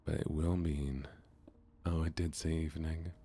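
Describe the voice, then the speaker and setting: A man streaming a game in a soft-spoken way, chatting with his viewers in a relaxed manner. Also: very deep voice, unhurried, breathy edge, faint music behind.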